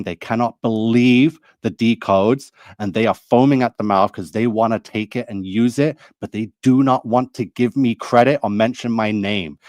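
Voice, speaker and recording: A man's voice: mid-range voice, a little mellow, no room sound. A man delivering a heated, accusing monologue to his video audience, repeating himself as he lays out his grievances. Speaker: video creator. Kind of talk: angry monologue to camera.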